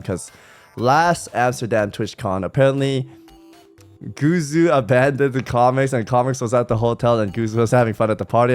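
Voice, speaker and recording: Animated young man telling trip stories. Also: medium pitch. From California. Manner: animated, slangy, swears, mimics friends in quotes. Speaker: streamer. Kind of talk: casual storytelling vlog.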